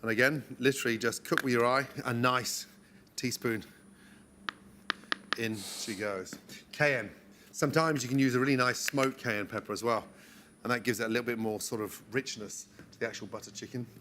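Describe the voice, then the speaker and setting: A man demonstrating a recipe step by step in a relaxed, encouraging way, as on a cooking show. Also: mid-range voice, normal speed, noisy background. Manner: relaxed, encouraging, talks through each step.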